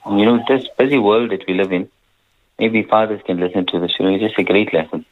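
A man speaking earnestly and warmly about his father as a guest on a radio interview, with many "you know" restarts. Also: on the low side, fast. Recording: tinny radio phone line.

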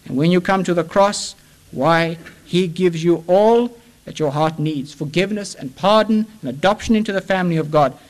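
An older man delivers an impassioned sermon in a somewhat high voice. He pushes his pleas up with urgency, then sinks into low, hushed lines for weight. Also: rough recording. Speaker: preacher.

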